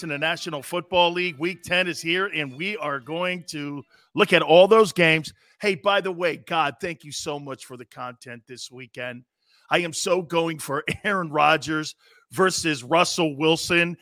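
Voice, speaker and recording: Brash male sports talk host, high bright voice, dry sound. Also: no echo. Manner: loud, brash and animated, often shouting. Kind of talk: ranting sports talk monologue.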